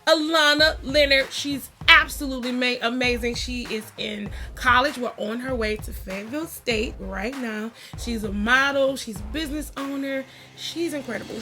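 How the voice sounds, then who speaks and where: A middle-aged woman telling stories in a chatty, animated way as she introduces her family on her vlog. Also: fairly high pitch. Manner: animated, chatty, acts out quotes. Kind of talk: casual storytelling vlog.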